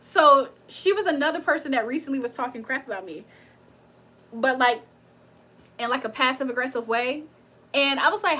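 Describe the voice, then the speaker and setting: A woman's voice: high voice, expressive, moderate pace, long pauses, sharp tone. A woman hosting a tarot livestream, telling stories in a casual, chatty way, laughing often and swearing freely. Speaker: tarot reader and livestream host. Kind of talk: casual livestream storytelling and chat.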